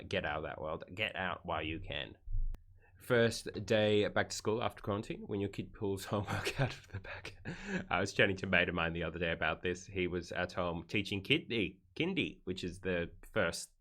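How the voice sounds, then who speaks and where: A man's voice: sits low, a bit bright. An Australian man streaming casual commentary on memes, wry and rambling with joking asides.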